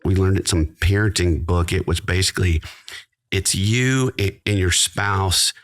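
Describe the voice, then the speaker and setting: A middle-aged man hosting a podcast in casual chat, telling stories with lots of energy and acting out quoted voices. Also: unhurried. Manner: high-energy, animated storyteller. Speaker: podcast host.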